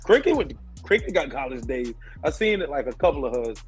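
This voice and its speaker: A man co-hosting a podcast, chatting casually with animated jokes and frequent swearing. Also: medium pitch, brisk, soft background music, low-quality recording. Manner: animated, joking, swears freely. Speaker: podcast co-host. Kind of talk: casual chat.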